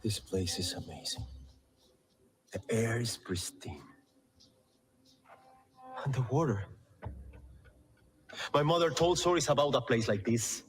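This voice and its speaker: An actor playing a regal man from an underwater realm, speaking slowly in a hushed, wondering voice, in a film trailer clip. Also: mid-range voice, lively intonation. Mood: awed.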